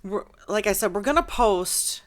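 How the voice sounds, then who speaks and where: A woman's voice: mid-range voice, expressive, normal speed. A woman hosting an interview show, chatty and affirming, with frequent fillers. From United States. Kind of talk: casual interview.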